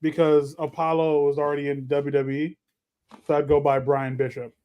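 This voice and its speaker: A man co-hosting a casual podcast chat, animated and joking, breaking into loud announcer-style bursts. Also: fairly high pitch, moderate pace, clear, resonant tone, highs cut off. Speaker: podcast co-host.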